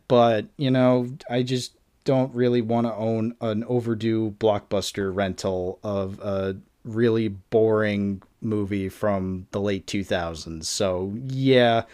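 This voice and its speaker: A young man hosting a casual solo podcast, reviewing a film in an exasperated, sarcastic ramble full of fillers. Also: fairly low pitch. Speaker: podcast host.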